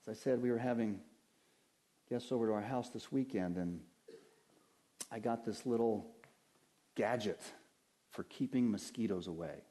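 A pastor preaching a sermon in a conversational way, mixing scripture with homely stories and rhetorical questions. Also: male voice, fairly low pitch, moderate pace, pauses often, warm tone.

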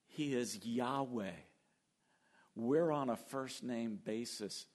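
An older man preaching a sermon, lively and acting out the quoted voices as he goes. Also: mid-range voice, slow. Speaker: pastor.

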